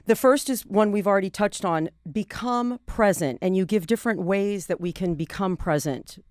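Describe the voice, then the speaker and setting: A woman's voice: medium pitch, darkish tone, no echo. Woman hosting a podcast chat, lots of yeahs and mm-hmms, super dry close sound. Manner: encouraging, quick affirmations. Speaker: podcast host. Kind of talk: conversational podcast interview.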